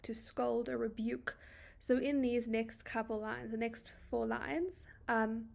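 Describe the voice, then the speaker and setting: A woman's voice: a little high, gravelly. A woman with a South African accent tutoring English literature, reading poem lines and paraphrasing them casually with many fillers. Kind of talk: poetry analysis lesson.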